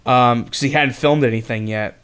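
A man talks films in a loose, conversational way, circling back and restarting his sentences as he retells behind-the-scenes stories. His pitch sits right in the middle for a man. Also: moderate pace, a bit bright, smooth. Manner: rambling, with many restarts and retold quotes. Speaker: podcast co-host. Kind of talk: casual film commentary chat.

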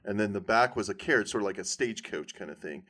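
Rambling man explaining things, low voice. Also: expressive, quick pace, sharp tone. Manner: rambling, explains at length with restarts. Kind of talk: casual group chat.

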